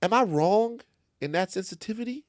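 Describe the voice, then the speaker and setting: A man from Louisiana tells a story on a studio podcast. His voice is a bit high and swings widely in pitch as he acts out other people's voices and swears freely. The recording is dry and close. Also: animated, normal speed, no room sound. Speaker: podcast co-host. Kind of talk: casual studio chat.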